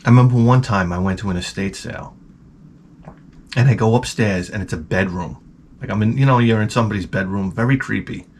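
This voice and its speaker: A man hosting his own channel, telling crude, rambling comic stories and breaking into sudden high-pitched outbursts. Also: a little fast, a little mellow, a little hiss or hum. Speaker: channel host.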